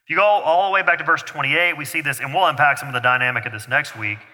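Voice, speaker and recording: A fast-talking pastor with a fairly high, pushed, bright voice preaches loosely and conversationally to his congregation. He jokes with the kids in the room, and the church sanctuary adds hall reverb.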